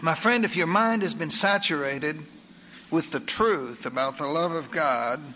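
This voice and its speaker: Earnest high-voiced male preacher. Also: pushed and bright, a little hiss or hum. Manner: earnest, slows down to read scripture aloud. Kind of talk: sermon.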